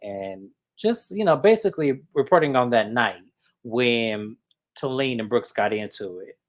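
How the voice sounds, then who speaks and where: A host recapping a reality TV episode in casual, gossipy, animated talk that swears freely. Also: medium pitch, a little slow.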